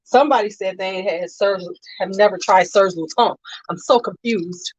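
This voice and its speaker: A young adult woman chats casually on a beauty and fragrance livestream, greeting viewers by name and tossing in slangy asides. Her mid-range voice is a little mellow and husky at normal speed, in a slightly dull, dry home recording with no room sound.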